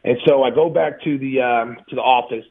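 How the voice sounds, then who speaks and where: Gravelly man telling wild stories by phone. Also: mid-range voice, brisk. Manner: animated, profane anecdote telling with frequent laughs. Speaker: guest, former pro basketball player. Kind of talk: casual storytelling interview. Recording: phone-like narrow line.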